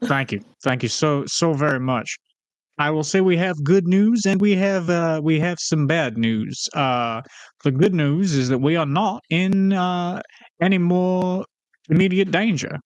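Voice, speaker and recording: A man's voice: on the high side, unhurried, dry recording. A man playing a tabletop game, polite and a bit hesitant, with many fillers. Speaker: player.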